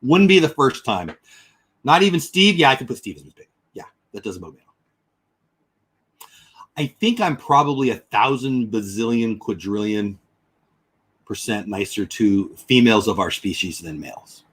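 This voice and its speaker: Chatty man with a husky voice. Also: medium pitch, expressive, moderate pace. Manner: chatty, rambling, thinks out loud. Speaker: livestream host. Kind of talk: casual livestream chat reading comments.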